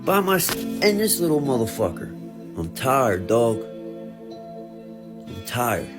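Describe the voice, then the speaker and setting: A man, a father of two, slowly and wearily venting to the camera about exhaustion, swearing heavily as he goes. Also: medium pitch, very animated. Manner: slow, weary, heavy with swearing. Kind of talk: emotional vent to camera. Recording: clear music playing behind.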